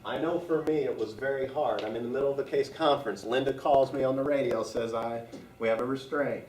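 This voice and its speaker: A man's voice: mid-range voice, fairly quick, a little mellow, a little hiss or hum. A man leading a staff training class, talking conversationally and asking the room questions. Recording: echoey room from far off.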